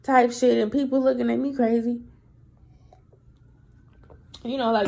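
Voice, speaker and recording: A young adult woman hosting a podcast, telling a story in a chatty, animated, profane way. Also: fairly high pitch, a little slow, creaky. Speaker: podcast host. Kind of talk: casual storytelling monologue.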